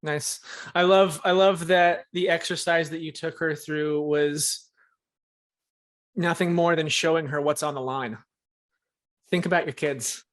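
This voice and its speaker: A male podcast host with a slightly high-pitched voice, chatting casually. He backs up his guest with steady little affirmations and asks loose, rambling questions. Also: unhurried. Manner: encouraging, frequent short affirmations. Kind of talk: conversational podcast interview.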